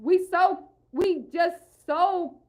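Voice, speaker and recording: A woman's voice: very high-pitched, extremely slow. A young woman vlogger in a heated, profane rant, repeating herself and speaking in an African American English style. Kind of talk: ranting monologue.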